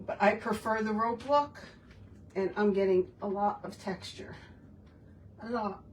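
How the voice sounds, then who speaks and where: A woman's voice: mid-range voice, unhurried, far from the mic, slight background noise. Chatty woman crafting, a bit off-mic. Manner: chatty, self-talking while working with her hands. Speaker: craft video host. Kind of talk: casual crafting tutorial chat.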